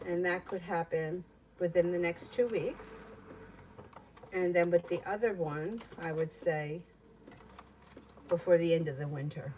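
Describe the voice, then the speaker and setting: A woman giving casual tarot readings on a live stream, talking in a loose, rambling way. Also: fairly low pitch. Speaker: tarot reader. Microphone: home streaming setup. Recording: noisy live stream audio.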